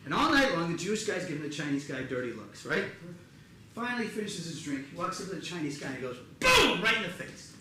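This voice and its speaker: A middle-aged man performs stand-up on a theater stage, his voice high and full of swings as he acts out the people in his stories. The sound is very roomy, with clear crowd noise behind him. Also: fast, far from the mic. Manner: animated storytelling, acts out his mother and joke characters. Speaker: stand-up comedian. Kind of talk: live stand-up comedy. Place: theater stage before a live audience.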